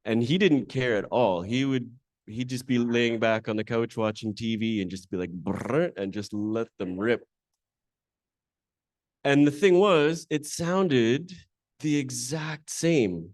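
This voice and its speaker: With a mid-range, darkish voice and a measured pace, a man hosts a conference in a hall. He introduces a panel and then chats with the live audience through a frank, self-deprecating personal anecdote. The recording is dry and clean, studio-quality.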